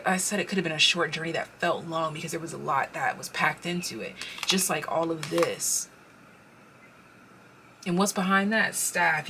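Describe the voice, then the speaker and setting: A woman giving a casual pick-a-card tarot reading. She speaks straight to the viewer, gets excited, and interrupts herself as she pulls cards. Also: deep voice, background noise.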